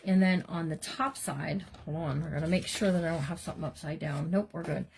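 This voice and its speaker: A middle-aged woman hosts a live crafting demo from her home craft room, chatting with viewers while she works. Her deep, gravelly voice is a little mellow and a little fast, with a slight hiss or hum. She's bubbly and chatty, calls everyone "you guys," and tosses in playful made-up words.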